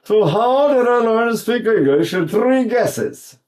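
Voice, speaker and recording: A man's voice: very high voice, lively intonation, measured pace, darkish tone. An older man from East Texas, teaching singing in a rambling, folksy way with many restarts. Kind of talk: singing lesson with sung demonstrations.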